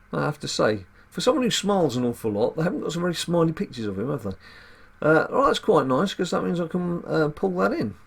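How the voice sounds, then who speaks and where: A man with a gravelly voice giving casual, wry commentary as he plays a card game and explains tactics. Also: fairly high pitch. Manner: chatty and wry, muttering asides to himself. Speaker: gaming channel host.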